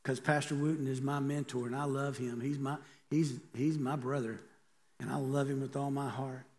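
A man's voice: medium pitch, fairly even intonation, moderate pace, darkish tone. A middle-aged man, a pastor, preaching a sermon in a conversational way and asking the congregation rhetorical questions.

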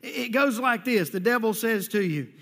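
A male pastor with a very high voice preaching a sermon, talking conversationally and often repeating words. He asks the congregation questions directly. The sound carries a long reverb from a large church hall. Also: lively intonation, normal speed, gravelly, bright, forceful tone.

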